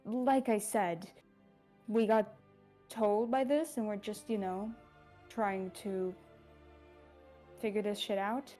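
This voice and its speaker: A woman's voice: medium pitch, fairly even intonation, slow, long pauses, dark tone, faint music behind. A woman playing a tabletop game, talking casually and hesitantly. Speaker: player.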